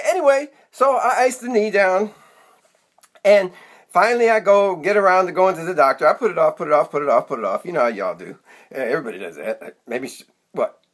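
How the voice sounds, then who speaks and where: A man in his sixties telling a rambling comic monologue to camera, chatty and self-mocking, drifting off into side stories. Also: high voice. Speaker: comedic vlogger.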